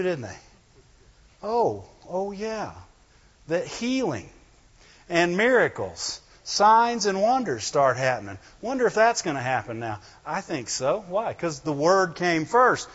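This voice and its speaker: High-voiced preacher in an echoing hall. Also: male voice. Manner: animated, rhetorical questions, bursts of "Glory to God". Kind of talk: sermon. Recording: dull lo-fi sound in a reverberant hall.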